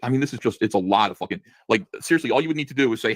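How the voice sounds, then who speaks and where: Lively sarcastic man, fast talker. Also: mid-range voice, dry recording, clean studio sound. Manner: sarcastic, mocking, reads comic lines in put-on voices. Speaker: podcast co-host. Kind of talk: casual comic review chat.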